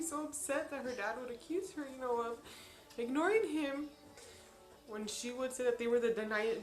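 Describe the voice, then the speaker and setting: Emotional woman in an echoey room. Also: sits high. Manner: emotional, halting, with many restarts. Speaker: vlogger. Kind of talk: personal confessional vlog.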